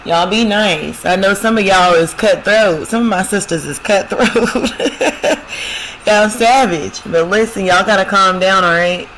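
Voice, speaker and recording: Woman host of spiritual love readings, bright and forceful, chatty and repetitive, speaks directly to viewers. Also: medium pitch, a little slow, slight background noise, low-quality recording. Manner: talks straight to viewers, repeating "y'all" and "I'm telling you"; reads song lyrics aloud, then interprets them. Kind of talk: casual prophetic love reading.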